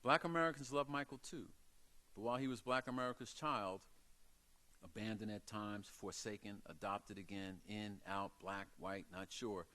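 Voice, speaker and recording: A man, an author, reading aloud from his memoir with expressive, dramatic storytelling. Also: fairly low pitch, moderate pace.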